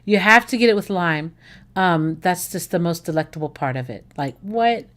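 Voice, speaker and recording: A woman's voice: lowish voice, animated, normal speed, fairly bright tone. A woman from the United States hosting a livestream, chatting casually with viewers, enthusiastic and gushing about food, rambling with fillers and self-corrections. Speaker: livestream host.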